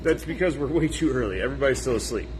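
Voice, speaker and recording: A man's voice: medium pitch, animated, racing, noisy background. A man hosting a casual live video from a gun shop, teasing his coworkers in a loose, rambling way. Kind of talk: casual live-stream banter. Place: indoor gun shop and range.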